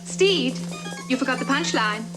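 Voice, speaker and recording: A tart, quick-witted sidekick. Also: female voice, sits high, lively intonation, over music. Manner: tart, mocking repetition.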